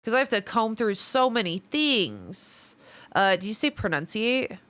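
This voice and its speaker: A woman's voice: medium pitch, big pitch swings, measured pace, a bit bright, no echo. Chatty Midwestern woman streamer. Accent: Midwestern American. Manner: chatty, reads viewer messages aloud and swears casually. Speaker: livestreamer. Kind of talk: casual chat with viewers.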